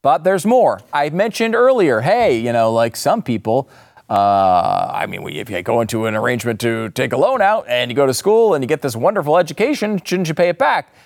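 A man's voice: mid-range voice, animated, a little fast, dry recording, clean studio sound. A man hosting a commentary show, delivering a sarcastic monologue in reaction to news clips. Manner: sarcastic, incredulous, rising to exasperated outbursts. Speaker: commentary host.

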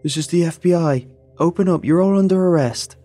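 A man voicing a loud, joking teenage boy in a spoken story. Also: a little high, a little fast, faint music behind, voice pushed up, close to an everyday voice. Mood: mock-stern. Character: rowdy teenage boy, breathless prankster.

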